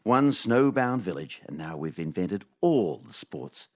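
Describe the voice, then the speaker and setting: Lively deadpan man. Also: sits low, a little slow. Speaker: radio host. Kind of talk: comic scripted monologue then panel chat.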